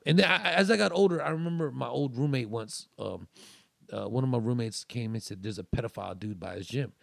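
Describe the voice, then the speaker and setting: A man's voice: medium pitch, a little fast, creaky, dry recording, studio quality. A male comedian telling a rambling story in casual chat, restarting sentences and acting out what others said. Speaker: comedian guest.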